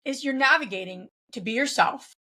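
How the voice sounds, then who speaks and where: A woman's voice: high voice, expressive, brisk, pushed and bright. A woman guest in a conversational interview, speaking reflectively with frequent restarts and fillers. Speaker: guest, real estate investor.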